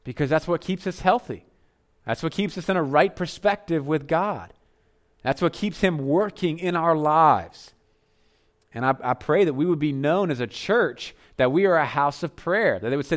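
A man preaching a sermon as pastor, earnest, dropping to softer tones for emphasis. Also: on the high side, lively intonation, normal speed.

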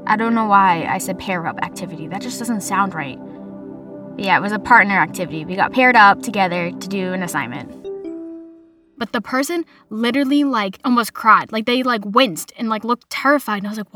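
Young woman, casual storytelling, bright tone, dry close sound. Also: fairly high pitch, brisk, dry recording, soft background music. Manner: chatty, animated retelling with quoted voices.

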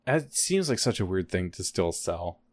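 Low-voiced man recapping a TV show. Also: normal speed. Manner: animated, laughs often, acts out quotes. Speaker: podcast co-host. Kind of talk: casual TV recap chat.

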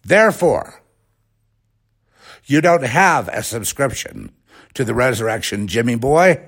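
A man's voice: mid-range voice, gravelly, a bit bright. A man hosting a rambling, sarcastic religious commentary talk.

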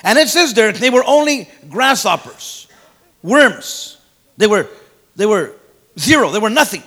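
A high-pitched man preaching a sermon, his tone bright and forceful. He speaks in a folksy way, stumbles over fillers and repeats words, then builds to loud, emphatic points. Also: sing-song, unhurried. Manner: emphatic, rising to loud declarations.

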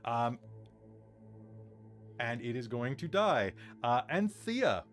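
A man runs a tabletop game at an ordinary middle pitch. His narration is casual and animated, with easy fillers between the descriptions. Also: slow, faint music behind. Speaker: game master.

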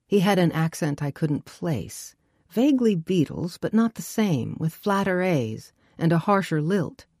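Recorded close and dry, without any room sound, a woman narrates an audiobook in the first person with a wry briskness. Her voice is notably low, a little mellow, and expressive.

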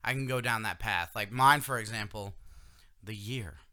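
A man's voice: on the low side, moderate pace, bright, forceful tone. A man co-hosting a casual podcast, rambling about conspiracies and laughing often. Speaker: podcast co-host. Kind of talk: casual chat.

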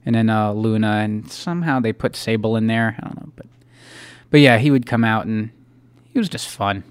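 A man's voice: on the low side, normal speed, smooth. Joking podcast co-host, a man. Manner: jokey, rambling, swears casually. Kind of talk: casual chat.

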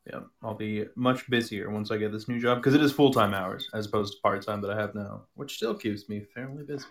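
A man's voice: lowish voice, a little fast. A man talking as a podcast guest in a casual chat, matter-of-fact and often restarting his sentences.

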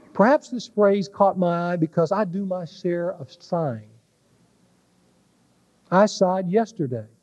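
High-voiced man preaching a slow sermon. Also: muffled recording. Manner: slow, weighty preaching that drops to a hush on key words. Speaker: pastor.

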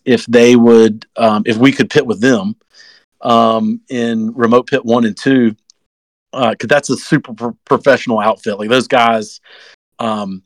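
A young man telling a long story on a podcast, rambling and acting out quotes in sudden high-pitched bursts. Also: no room sound, low-quality recording. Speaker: guest race driver.

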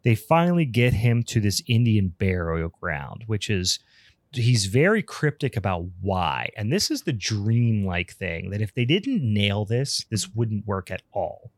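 A man's voice: fairly low pitch, sing-song, measured pace, dry recording. A man co-hosting a podcast, recapping a film in casual, rambling talk full of fillers and swearing. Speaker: podcast co-host.

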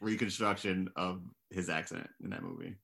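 A man's voice: low voice, fairly even intonation, normal speed, gravelly, pushed and bright. A man co-hosting a podcast, chiming in with sarcastic, profane remarks about a movie. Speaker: podcast co-host. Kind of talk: casual film critique chat.

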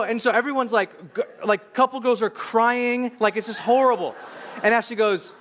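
During a sermon, a pastor in his thirties speaks at normal speed in a high, light voice, sharing a story with animated, self-deprecating energy. When he turns reflective, he stumbles through restarts, and there's a little hiss or hum in the audio.

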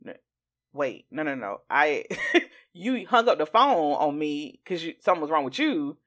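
A woman hosting a podcast in casual chat, animated and acting out what other people say. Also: unhurried. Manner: animated, acts out quoted speech in jumps of pitch. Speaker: podcast host.

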